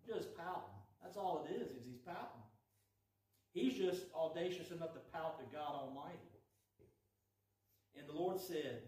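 A man with a fairly high voice preaches in a folksy, chatty way, acting out each character's lines as he tells the story. He is picked up from some distance in a very echoey church hall. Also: unhurried, long pauses. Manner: folksy and animated, acts out quoted lines. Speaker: preacher teaching a Bible study. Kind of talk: conversational sermon with storytelling.

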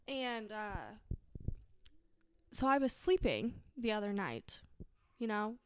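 A woman's voice: on the high side, expressive, takes it slowly, smooth, no room sound, studio quality. A young adult woman co-hosting a casual podcast, telling stories in a chatty way and laughing often. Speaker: podcast co-host. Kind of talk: casual chat.

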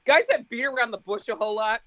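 A woman's voice: a little high, fast talker, bright, forceful tone, dry recording, muffled recording. A young woman co-hosting a casual podcast, blunt and sweary, laughing often. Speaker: podcast co-host.

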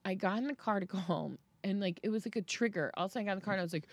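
A woman in her thirties, hosting a podcast, chats casually as she tells a story, acting out quotes with sudden high-pitched jumps. She talks at a racing pace, and the recording is dry.

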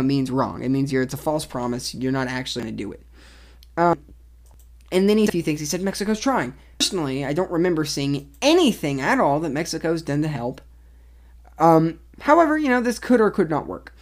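A young woman hosting a casual solo commentary show, giving blunt opinions and reading articles aloud with rambling asides. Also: deep voice. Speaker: podcast host.

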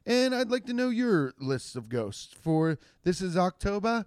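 A man hosting his own comedy podcast alone, rambling in a casual, profane, jokey way with quick asides and restarts. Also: high voice, sing-song, a little mellow, clean tone, dry recording, studio quality. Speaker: podcast host and stand-up comedian. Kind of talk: casual solo podcast monologue.

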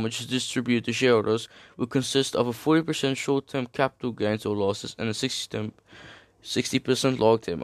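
A man's voice: medium pitch, dry recording, clean studio sound. Slangy young man reading crypto news aloud. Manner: slangy, jokey asides, stumbles over terms. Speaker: streamer reading an article. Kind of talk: casual reading with commentary.

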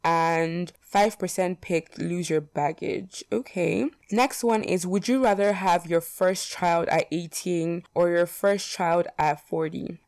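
A young woman talks through would-you-rather picks in a loose, chatty way, full of fillers and blunt opinions with the odd swear. Her voice sits a bit low for a woman. The sound is dry and close, with no room echo. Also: darkish tone. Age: young adult. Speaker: vlogger.

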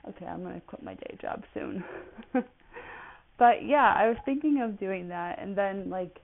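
A woman's voice: medium pitch, moderate pace, vocal fry. Woman in her 20s, casual rambling solo podcast, narrow phone-line sound. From United States. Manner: rambling, chatty, full of "like" fillers. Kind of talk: casual personal monologue. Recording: tinny phone-like audio.

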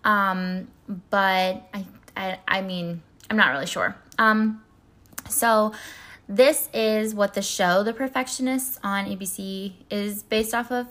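A woman's voice: mid-range voice, steady tone, slow, fairly bright tone. A woman chatting casually in a book review vlog, rambling with lots of "like" and "um" fillers. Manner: chatty and candid, light laughs. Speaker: book vlogger.

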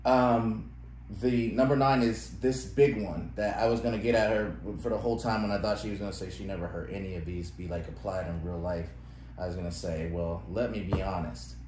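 A man's voice: fairly low pitch, brisk. Laughing man co-hosting a podcast, echoey. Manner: laughs often, animated when reading phrases aloud. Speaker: podcast co-host. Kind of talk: casual chat. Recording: echoey room with faint noise.

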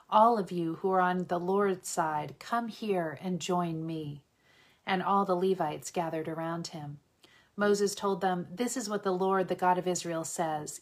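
A woman reading a scripture passage aloud in a steady, measured way, lightly voicing the quoted speech. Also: fairly low pitch. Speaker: Bible reader.

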